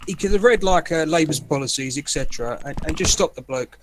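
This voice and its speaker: Rapid-fire sweary man, higher voice. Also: expressive, fairly bright tone, slight background noise. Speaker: podcast panelist. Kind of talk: casual chat.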